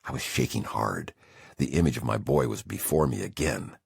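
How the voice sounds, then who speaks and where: Super deep raspy guy reading a memoir, husky, lots of ups and downs. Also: expressive, moderate pace, dry recording, studio quality. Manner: intense, emotional first-person storytelling. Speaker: audiobook narrator. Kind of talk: scripted memoir narration.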